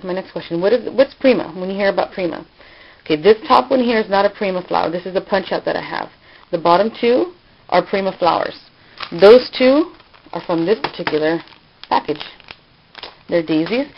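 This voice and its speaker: A woman's voice: on the low side, gravelly, a little hiss or hum. A woman hosting a casual hands-on crafting tutorial, talking informally with many fillers and self-corrections. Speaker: crafting channel host. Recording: dull lo-fi home video sound.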